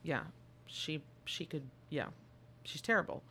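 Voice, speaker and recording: A woman co-hosting a podcast, recapping a movie in casual chat with an animated, joking, irreverent manner. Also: low-pitched, unhurried, breathy edge. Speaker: podcast co-host.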